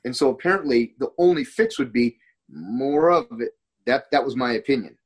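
A man's voice: medium pitch, animated, normal speed, husky, rough recording. An American man in casual conversation, telling rambling anecdotes full of quoted dialogue and restarts. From United States.

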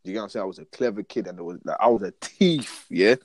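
A man's voice: on the low side, racing, dry recording. Slangy young man, dry mic. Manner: slangy, keeps asking "do you get what I'm saying"; animated storyteller, acts out his own lines. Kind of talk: casual podcast chat.

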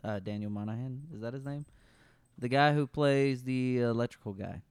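Guy on a movie podcast, sarcastic and swearing, clear smooth voice. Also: mid-range voice, moderate pace, a little mellow, no echo, studio quality. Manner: sarcastic, profane, laughs often. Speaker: podcast co-host. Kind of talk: casual movie review chat.

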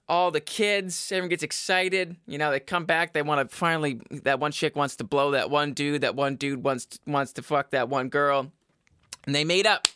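A man's voice: on the high side, normal speed, sharp tone, no echo. Rambling, profane young man on a dry mic. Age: young adult. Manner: rambling, profane, self-mocking, goes off on side notes. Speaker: podcast host. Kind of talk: casual solo podcast rant.

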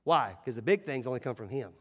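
A male pastor preaching a sermon in a church, emphatic, swinging between loud calls and hushed asides. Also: mid-range voice, expressive, quick pace, breathy edge, in a large hall. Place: church sanctuary.

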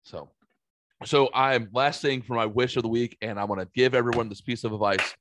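A man's voice: mid-range voice, brisk, dry recording. A man hosting a show, telling rambling stories in casual chat with plenty of swearing. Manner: profane, rambling, animated storyteller.

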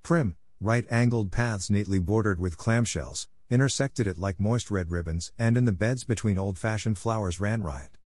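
A man's voice: on the low side, no echo, studio quality. A man narrating a classic novel steadily for English learners. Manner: steady, measured reading. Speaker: audiobook narrator.

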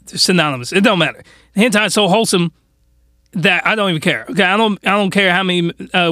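A man hosting a podcast, giving rambling, animated, comedic commentary. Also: sits high, no room sound, clean studio sound. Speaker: podcast host.

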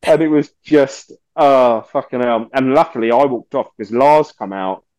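Guy rambling thru a story, swears a lot, does the voices, mid pitch, dry sound. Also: normal speed, dry recording. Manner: animated, swears often, acts out quoted voices. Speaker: podcast guest, musician. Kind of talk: casual storytelling interview.

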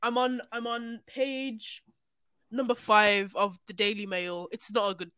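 A young man, co-hosting a casual podcast chat, animated and sweary as he tells stories. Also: high voice, measured pace, clean tone, no room sound. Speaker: podcast co-host.

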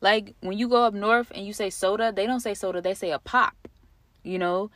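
A woman's voice: medium pitch, fairly even intonation, moderate pace, fairly bright tone, no room sound. A woman talking through her thoughts in a casual monologue, conversational and reflective, with frequent fillers and restarts. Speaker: podcast host.

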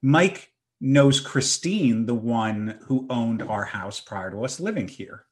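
A man's voice: medium pitch, slow. A man in his thirties, a podcast host, telling self-mocking stories in a casual chat. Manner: animated, self-mocking storyteller.

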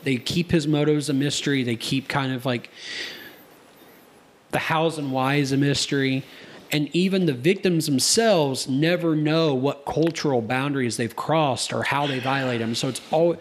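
A man's voice: mid-range voice, normal speed. Rambling male podcast storyteller. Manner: rambling storyteller, many restarts and fillers. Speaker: podcast co-host. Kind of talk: casual podcast chat. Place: studio.

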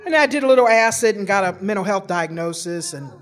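A woman's voice: medium pitch, expressive, fast talker. A woman tells a story from her own life with a self-mocking humor. She rambles, restarts her sentences and fills the gaps with plenty of little fillers. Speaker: storyteller giving a personal testimony.

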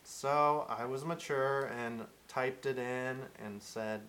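Deadpan man in casual chat. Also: medium pitch, slow, a little hiss or hum. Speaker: podcast co-host.

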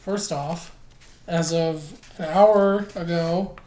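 Female podcast co-host, lower register, opinionated and lively, echoey room sound. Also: very slow. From Oklahoma. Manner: opinionated, animated, laughs easily. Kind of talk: casual chat.

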